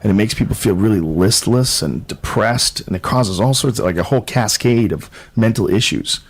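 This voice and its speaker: A man's voice: fairly low pitch, normal speed, slightly rough. A man in casual podcast chat, explaining things in a matter-of-fact way.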